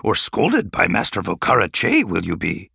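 An ancient little Jedi master, stern and commanding, with a gravelly, husky voice that twists every sentence backwards, as a man reading an audiobook puts him on. Dry and close. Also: deep voice, wildly swooping pitch, moderate pace, sharp tone, no echo, exaggerated voice. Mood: imperious. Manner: commanding, firm, backwards word order. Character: ancient small green Jedi master, stern, inverted speech.

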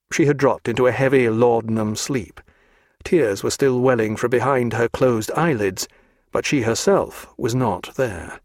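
With clean studio sound and no audible room, a man voices an audiobook of a novel. His medium-pitched, scripted narration stays measured and even.

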